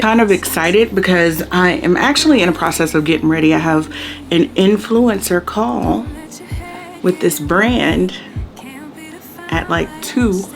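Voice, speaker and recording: A woman doing a casual makeup chit-chat video, talking in a chatty, relaxed way with slangy asides. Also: fairly low pitch, measured pace, vocal fry, soft background music. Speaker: beauty vlogger.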